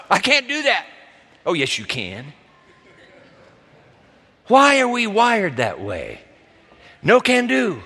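Male pastor, high bright voice, lively dramatic sermon delivery, echoing church hall. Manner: dramatic, acts out quoted voices. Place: church sanctuary. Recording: reverberant hall.

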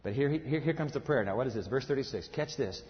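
A man preaching a sermon, emphatic, swinging between loud passages and hushed ones. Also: mid-range voice, lively intonation, fast. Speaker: pastor. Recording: reverberant hall, dull sound.

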